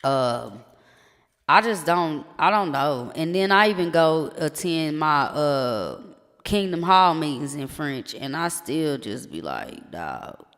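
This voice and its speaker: A live streamer chatting casually, rambling and slangy with plenty of swearing, stumbling now and then into halting French. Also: mid-range voice, fairly bright tone. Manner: rambling, loose and profane, slangy. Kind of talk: casual chat. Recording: long reverb with music behind.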